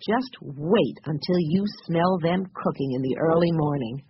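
A reader voicing a calm, reassuring grown man who works as a guide, in a storybook reading. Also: mid-range voice, a little slow, husky, no echo, lo-fi sound.

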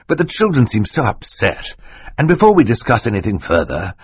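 A man's voice: mid-range voice, huge pitch swings, fairly quick, breathy edge, no echo, voice pushed up. A man reading an audiobook voices a fussy, well-meaning middle-aged banker who talks in a polite, flustered way.

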